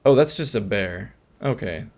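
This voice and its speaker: A man's voice: fairly low pitch, expressive, normal speed. A man giving casual, rambling commentary while playing a video game, with chatty asides and frequent restarts. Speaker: let's play gamer.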